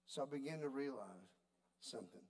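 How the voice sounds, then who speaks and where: A man preaching a sermon, telling a story in a folksy, animated way. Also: medium pitch, brisk, creaky. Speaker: pastor.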